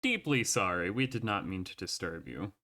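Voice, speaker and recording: A man's voice: sits low, lively intonation, moderate pace, pushed and bright, pitched below the performer's own voice, heavily acted. A man voicing a weary elf ex-ranger. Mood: apologetic.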